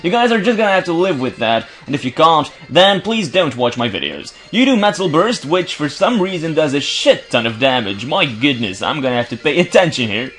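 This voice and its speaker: A man's voice: a little high, very animated, fairly quick, hardly any pauses, a bit bright. A man casually commentating his gameplay, stuttering and restarting words often, with joking, sarcastic asides. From Belgium. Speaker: let's play commentator.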